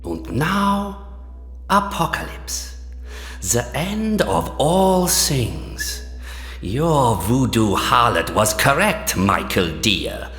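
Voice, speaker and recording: An actor playing a malevolent demonic overlord in a video game, gravelly, theatrical and mocking. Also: male voice, medium pitch, big pitch swings, extremely slow, fairly bright tone, faint music behind, full character voice. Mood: menacing. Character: malevolent demonic entity, sneering male overlord.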